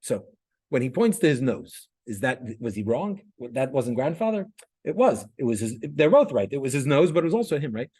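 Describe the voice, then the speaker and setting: Husky man teaching a class. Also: mid-range voice, sing-song, brisk, warm tone. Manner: conversational, many restarts and "right?" checks. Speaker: class instructor. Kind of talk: classroom lecture with storytelling.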